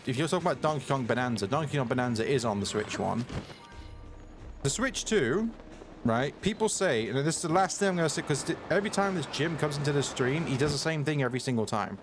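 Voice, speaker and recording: A young man streaming a game live, annoyed and ranting at a viewer in chat, repeating himself as he talks. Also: mid-range voice. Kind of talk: live gameplay commentary. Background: game music.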